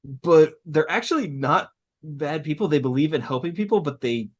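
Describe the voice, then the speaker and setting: A man's voice: a little high, animated, normal speed, dull audio. A man co-hosting a casual review podcast, explaining things in an easygoing way. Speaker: podcast co-host.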